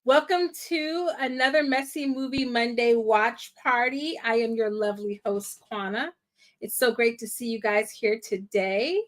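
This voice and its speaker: A woman's voice: fairly high pitch, a little slow. A woman in her thirties, a film critic and YouTuber, chatting playfully as host of a live-stream movie watch party. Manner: chatty and playful, laughs and sings little rhymes. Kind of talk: casual live-stream chat.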